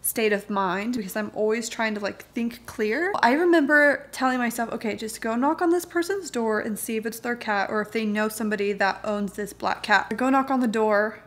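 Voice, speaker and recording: A young woman tells a story time to camera in a relaxed, chatty way. Her voice sits a touch higher than most, and she laughs her way through it. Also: moderate pace, hardly any pauses. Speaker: vlogger.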